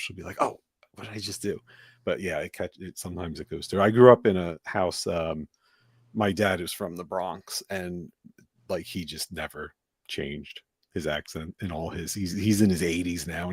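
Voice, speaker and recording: In clean studio sound without echo, an American podcast host with a low, breathy-edged voice rambles through a casual chat. He fills it with fillers and keeps restarting his sentences.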